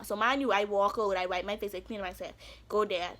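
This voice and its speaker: A young woman telling a casual storytime vlog, animated and sassy, swearing freely and talking back to a friend off camera. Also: mid-range voice, brisk.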